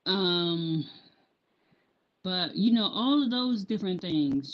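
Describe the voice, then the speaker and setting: A woman chatting casually on a live stream about her handmade apparel business, rambling with lots of ums and restarts. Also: low-pitched. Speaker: small business owner vlogging. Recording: dull lo-fi sound.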